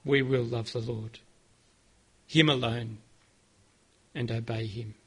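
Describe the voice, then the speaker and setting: A man's voice: medium pitch, steady tone, slow, fairly bright tone, husky. A man preaching a sermon, earnest and direct, leading his congregation in a call-and-response. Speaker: pastor.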